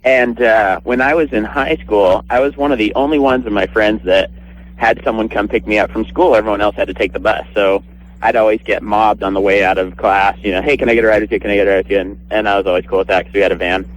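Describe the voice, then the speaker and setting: A man's voice: fairly low pitch, fairly even intonation, brisk, slight background noise, low-quality recording. A man calling in to a radio show, telling a story in a laid-back, amused way. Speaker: caller.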